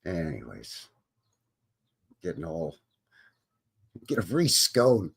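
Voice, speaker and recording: A man's voice: deep voice, wildly swooping pitch, extremely slow, gravelly, pauses often, fairly bright tone, breathy edge. A man in his fifties hosting a live stream, chatting in a loose, joking, rambling way. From Canada. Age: 50s. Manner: joking, rambling, drops into silly voices. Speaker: host. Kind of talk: casual live-stream chat.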